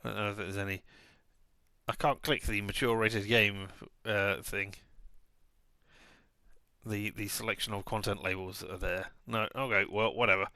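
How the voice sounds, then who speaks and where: A man's voice: lowish voice, steady tone, moderate pace, long pauses, pushed and bright, no room sound. A man casually commenting as he plays a point-and-click game, rambling with self-mocking asides. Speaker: streamer.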